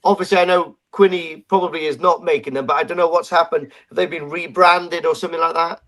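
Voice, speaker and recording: English man, high voice, chatty, rambling, live chat host. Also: steady tone, fast, fairly bright tone.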